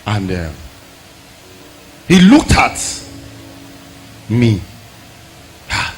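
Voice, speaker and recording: A man preaching a sermon, telling personal stories that swing from quiet asides to shouted exhortation. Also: fairly low pitch, wildly swooping pitch, very slow. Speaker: pastor.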